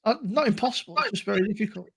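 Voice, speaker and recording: Husky high-pitched man bantering. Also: very fast. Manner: laughing, joshing, mimics others. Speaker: guest on a live stream. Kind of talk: casual banter.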